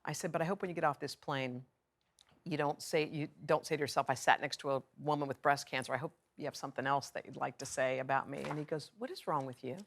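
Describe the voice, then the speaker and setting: A woman's voice: deep voice, fairly even intonation, fast talker. A middle-aged woman giving a candid, conversational personal speech in a video message, acting out the dialogue she recalls.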